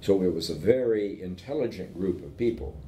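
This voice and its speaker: Lower-voiced man telling lively anecdotes, roomy. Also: a little fast. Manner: animated anecdotes, keeps checking in with "okay?". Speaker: invited professor speaking with entrepreneurs. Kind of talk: conversational storytelling. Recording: roomy echo with faint rumble.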